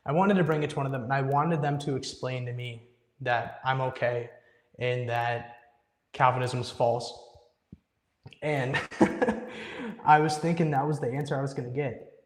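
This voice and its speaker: A man's voice: medium pitch, fairly even intonation, moderate pace, pauses often. A young man earnestly telling a personal story as a guest in an interview, often quoting his own past thoughts with emphasis. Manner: earnest, emphatic storytelling with quoted inner speech. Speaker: guest musician. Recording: echoey room with long reverb.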